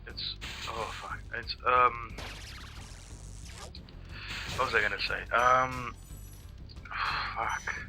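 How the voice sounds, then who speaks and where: A man co-hosting a gameplay video, talking in loose, rambling stretches full of swearing and half-finished thoughts. His voice has a very bright, cutting edge, and he pitches at an ordinary middle level for a man. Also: fairly even intonation, extremely slow, long pauses, faint music behind. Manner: rambling, profane, searching for words. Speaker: let's play co-host. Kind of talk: casual chat over gameplay.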